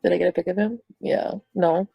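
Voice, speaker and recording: A woman's voice: on the low side, fairly even intonation, fairly quick, creaky, slightly rough, no room sound, highs cut off, faint music behind. A woman streamer in a played clip, talking crudely and defensively about herself.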